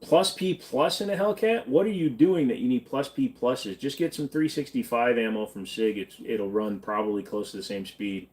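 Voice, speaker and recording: This man's voice sits in the mid range and is a little mellow, delivered at a moderate pace with hardly any pauses. Tired and hurting, he runs a laid-back live-stream Q&A, reading chat questions aloud and replying bluntly in a casual drawl. His desk mic picks him up from a greater distance than normal.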